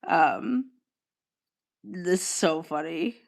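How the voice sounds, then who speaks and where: A woman's voice: on the low side, animated, very slow, creaky. Chatty young woman live streaming. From Australia. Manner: chatty, laughs often, swears casually. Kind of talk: casual live-stream chat.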